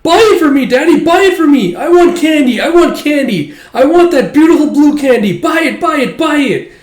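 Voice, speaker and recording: A man's voice: very high voice, lively intonation, normal speed, echoey room, pitched above the performer's own voice. A man voicing a little boy who whines and begs his father over and over. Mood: pleading, whiny. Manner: pleading, nagging repetition.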